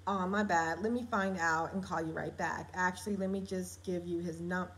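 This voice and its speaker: A woman's voice: on the low side, fairly even intonation, normal speed, fairly bright tone, lightly acted. A woman reading out a laid-back young man on the road. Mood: easygoing. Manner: read from her own draft in her everyday voice. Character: casual young man driving to meet friends.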